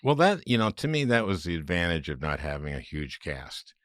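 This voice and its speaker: A man's voice: sits low, big pitch swings, a little fast, a bit bright, no room sound, clean studio sound. A man hosting a podcast interview, laughing often and restarting his sentences. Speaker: podcast host. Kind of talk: casual interview.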